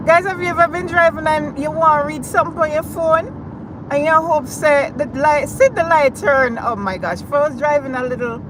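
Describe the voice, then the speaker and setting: High-voiced Jamaican woman chatting while driving. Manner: chatty, addresses viewers directly. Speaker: live-stream host. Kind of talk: casual live-stream chat. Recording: car and road noise.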